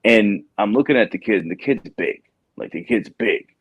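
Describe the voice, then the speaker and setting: A man hosting a podcast, telling a story in a casual, lively way and acting out the people in it. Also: lowish voice, moderate pace, husky, no echo, lo-fi sound. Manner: animated storyteller, acts out quoted people. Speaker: podcast host.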